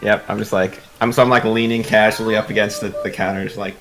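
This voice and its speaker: Guy player at a tabletop game, lowish voice, talks quick, easygoing. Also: little pitch movement, gravelly, music in the background. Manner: laid-back, casual. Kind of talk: casual tabletop play.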